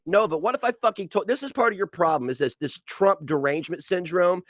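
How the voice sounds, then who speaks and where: A man's voice: a little high, fairly bright tone, dry recording, clean studio sound. A man streaming from home, ranting angrily and sarcastically with heavy profanity while reacting to posts on screen. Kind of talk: angry commentary rant.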